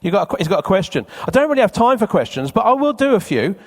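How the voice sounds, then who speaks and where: Racing along in a high, very animated voice, an event speaker addresses a live seminar audience, teasing and quizzing the crowd in a chatty way. The conference hall lends his speech a long, large-room reverb.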